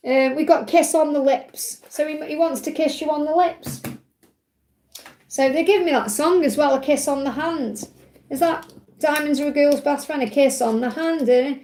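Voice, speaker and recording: A woman's voice: sits high, moderate pace, a little mellow, roomy sound, slight background noise, poor audio. A woman hosting a live card-reading stream, chatty and reassuring, often checking "okay?" with her viewers. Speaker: tarot card reader and livestream host.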